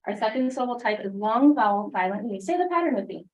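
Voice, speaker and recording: A woman teaching a phonics lesson in a classroom, briskly prompting students with questions and quick praise. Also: on the high side, lively intonation, highs cut off, a little hiss or hum. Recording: distant classroom mic.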